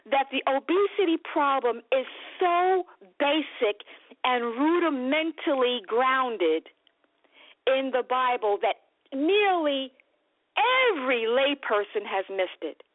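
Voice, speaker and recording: A woman's voice: high voice, no echo. A woman nutrition coach preaching with passion on a radio program, calling her listeners beloved and getting worked up. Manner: impassioned, animated, addresses listeners as beloved. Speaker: nutrition coach and broadcast host. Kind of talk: preaching-style health talk. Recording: dry, phone-like radio broadcast.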